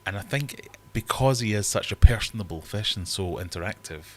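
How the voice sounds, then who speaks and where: A man's voice: on the low side, expressive, a little fast, darkish tone. A man hosting a casual livestream from his fish room, chatting in a rambling, self-deprecating way. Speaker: livestream host and fishkeeper.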